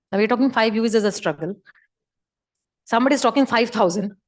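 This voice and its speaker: A woman's voice: a little high, expressive, fast. A woman giving an emphatic, repetitive motivational talk over a video call. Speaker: motivational speaker.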